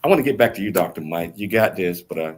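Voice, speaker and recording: A man with a very deep voice hosts a radio talk show. He talks with eager enthusiasm, stopping and restarting with lots of fillers. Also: expressive, slightly rough. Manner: enthusiastic, promotional, halting with fillers. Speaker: radio host and university chancellor. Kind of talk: casual radio chat.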